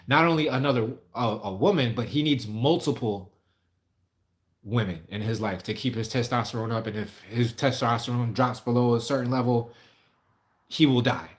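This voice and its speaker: A man's voice: mid-range voice, moderate pace. A man on a casual livestream answering viewer questions, rambling, candid and profane.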